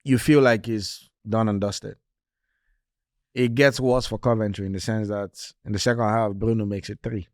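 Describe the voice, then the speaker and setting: Man, podcast co-host, emphatic casual football talk, lowish voice, dry close mic. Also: steady tone, normal speed, dry recording. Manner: conversational, emphatic, repeats points.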